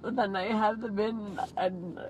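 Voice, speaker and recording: A woman from Iceland in a private argument, speaking in a halting, hesitant, pleading way. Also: medium pitch, steady tone, a little mellow, a little hiss or hum.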